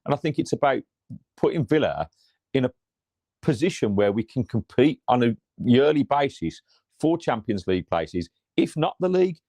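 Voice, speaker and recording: A man's voice: mid-range voice, big pitch swings, a little mellow, dry recording. A man, talking earnestly in a casual football chat and often repeating his opening words. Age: 40s. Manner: measured, earnest, repeats words while starting sentences. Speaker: football fan podcast co-host.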